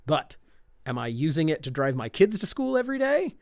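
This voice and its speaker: A man's voice: a little high, sing-song, dry recording. Guy from indiana on a podcast, lays it out w/ what-if examples, dead dry mic. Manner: explains with quick hypothetical examples. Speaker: optics company guest. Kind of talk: podcast conversation.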